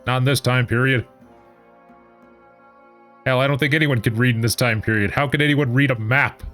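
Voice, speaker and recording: A man's voice: medium pitch, steady tone, moderate pace, a bit bright. A man chatting and joking while he streams a game, loose and casual. Faint music plays in the background.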